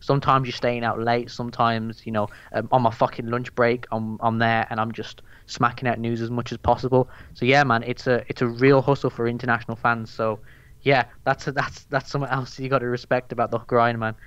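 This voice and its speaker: A man's voice: mid-range voice, little pitch movement, brisk, a bit bright, clean tone, dry recording, highs cut off. A young man with a Birmingham accent chatting casually as a podcast guest, rambling and swearing with lots of fillers. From England. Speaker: guest, MMA news account runner.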